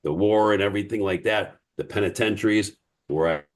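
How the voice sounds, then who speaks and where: A man's voice: on the low side, fairly quick. A man with a Chicago accent, a guest in an interview who tells stories and acts out what others said. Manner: animated storyteller who acts out others' words. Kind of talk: casual interview storytelling.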